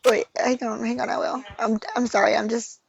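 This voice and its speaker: A woman's voice: fairly high pitch, flat delivery, brisk, gravelly, muffled recording, a little hiss or hum. A flustered, distracted woman chatting casually with friends on a livestream.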